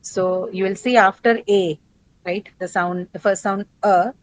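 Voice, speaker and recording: A woman's voice: mid-range voice, steady tone, measured pace, slight background noise, poor audio. A woman with an Indian English accent teaching an English pronunciation class, explaining step by step and checking in with the students. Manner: questioning, explanatory, frequent "right?" checks.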